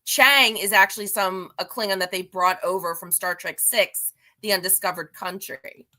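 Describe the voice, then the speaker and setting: A woman's voice: mid-range voice, fairly even intonation, normal speed, sharp tone. A woman giving a casual, rambling comic-book recap, chatty and self-deprecating with frequent restarts. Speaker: guest reviewer.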